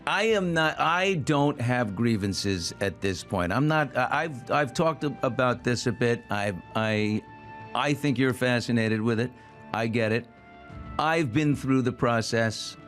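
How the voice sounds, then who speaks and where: A middle-aged man speaking candidly as an interview guest, halting and frank with bursts of emphasis. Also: mid-range voice, expressive, a bit bright, soft background music.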